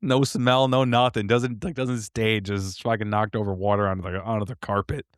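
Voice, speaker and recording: A man's voice: lowish voice, normal speed, clear, resonant tone, dry recording, clean studio sound. A man co-hosting a casual podcast, telling delivery stories with lots of laughter and swearing. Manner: animated storyteller, acts out quotes, swears, laughs often. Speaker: podcast co-host, delivery driver.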